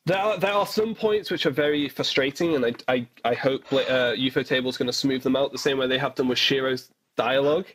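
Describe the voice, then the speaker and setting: A man co-hosting a podcast in casual chat, excitable, restarting his sentences and swearing often. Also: medium pitch, fast talker, hardly any pauses, slight background noise. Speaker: podcast co-host.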